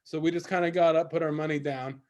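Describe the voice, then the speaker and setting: A man telling a rambling anecdote on a casual podcast, halting and restarting as he goes. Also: fairly high pitch, fairly even intonation, a little mellow, highs cut off. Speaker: podcast co-host. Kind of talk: casual storytelling.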